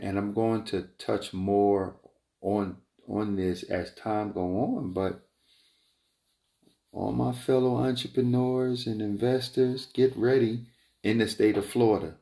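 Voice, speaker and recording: A man giving a rambling opinion monologue, emphatic and repetitive, wandering off on tangents and climbing high in pitch when he gets heated. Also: steady tone, takes it slowly, vocal fry, warm tone. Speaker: entrepreneur vlogger. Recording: roomy echo.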